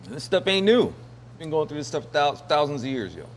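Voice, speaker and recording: A man's voice: fairly high pitch, big pitch swings, brisk, slight background noise. A man hosting a casual news commentary show, rambling and joking with lots of fillers and laughs. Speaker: host.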